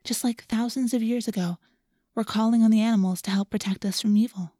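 A woman voicing a gentle, thoughtful teenage girl who speaks softly and reflectively. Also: fairly high pitch, fairly even intonation, a little fast, no room sound, clean studio sound, close to an everyday voice. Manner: soft, hushed and reflective.

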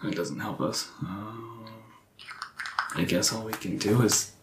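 A man playing a tabletop game, wry and unhurried, laughing often. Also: lowish voice. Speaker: player. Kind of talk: casual tabletop game play. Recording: echoey room with faint noise.

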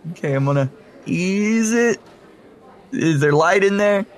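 A man's voice: sits high, animated, measured pace. A man playing a tabletop role-playing game, eager and laughing as he describes his actions. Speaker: player. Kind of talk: casual tabletop play.

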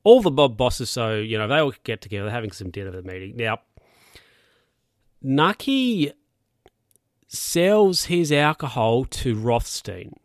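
Bloke, mid-pitched, dry close sound, loose rambling recap delivery, swears freely. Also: male voice, animated, a little slow, long pauses, no echo. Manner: rambling, sweary, chuckles often. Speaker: show recapper. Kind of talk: casual spoken TV recap.

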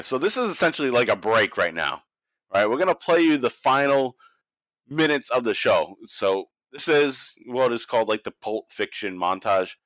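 Brief: laid-back podcast host, crude and joking, with a dry close-mic sound. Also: male voice, mid-range voice, fairly bright tone, dry recording. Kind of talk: casual chat.

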